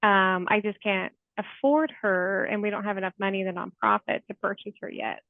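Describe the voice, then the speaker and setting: A woman's voice: mid-range voice, little pitch movement, a little fast, creaky, no room sound. A therapist in her forties, a woman, speaking as an interview guest in an earnest, heartfelt way, with many "like" fillers. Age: 40s. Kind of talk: conversational interview storytelling. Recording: tinny phone-like remote call audio.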